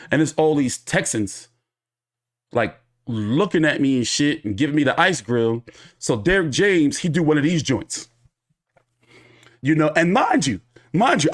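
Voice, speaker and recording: A man hosting a boxing commentary show, telling a story in a casual, profane monologue and acting out the people he quotes. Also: on the high side. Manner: animated, profane, acts out quoted people in his retelling.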